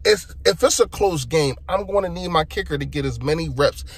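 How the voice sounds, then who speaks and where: A young man vents in a heated, exasperated football rant. His voice sits a little higher than most men's, and he addresses the audience directly and bluntly. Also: lively intonation, brisk, husky. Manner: heated and frustrated, talks straight to the listener. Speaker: sports fan vlogger. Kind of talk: sports opinion rant.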